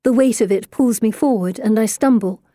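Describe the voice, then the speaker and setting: A woman reading a first-person audiobook in a measured, even way. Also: a little high, no room sound, clean studio sound. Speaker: audiobook narrator. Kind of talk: scripted first-person narration.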